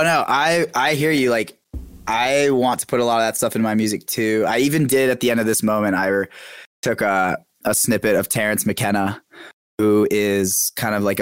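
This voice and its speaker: Animated young man, dry close sound. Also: on the low side, moderate pace, clear, resonant tone, dry recording. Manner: animated, fillers like "like" and "dude". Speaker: podcast guest. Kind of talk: casual chat.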